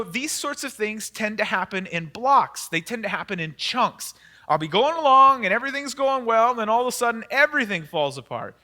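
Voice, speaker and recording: Male pastor, middle-aged, very high and bright voice, energetic sermon with frequent laughs. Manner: energetic, laughs often, acts out worried questions. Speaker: senior pastor. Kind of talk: lively sermon. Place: church worship hall.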